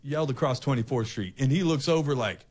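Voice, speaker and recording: Middle-aged male talk host, animated storyteller who acts out the people in his story. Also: medium pitch, fairly quick. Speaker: radio host.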